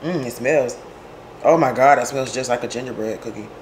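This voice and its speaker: A woman vlogging casually from her kitchen at home, her voice hoarse and raspy from a sore throat, chatting straight to her viewers and laughing often. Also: rumbling low, fairly quick, slight background noise. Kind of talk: casual vlog chat.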